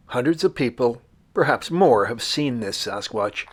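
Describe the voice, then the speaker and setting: A man hosting and narrating a documentary-style outdoor show in a measured, dramatic storyteller manner. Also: mid-range voice, lively intonation, husky. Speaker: host.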